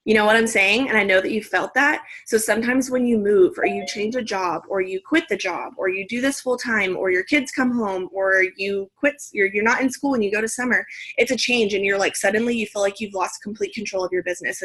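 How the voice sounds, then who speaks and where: A young woman leading her team on a video call, speaking in a direct, energetic pep-talk manner. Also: mid-range voice, brisk, breathy edge. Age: young adult. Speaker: team leader.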